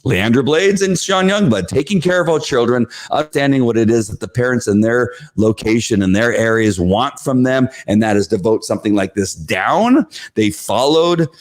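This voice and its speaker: Animated man recapping a meeting. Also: moderate pace. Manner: animated, acts out crowd voices with sharp pitch jumps, frequent fillers. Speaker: show host recounting a school board meeting. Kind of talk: casual spoken recap.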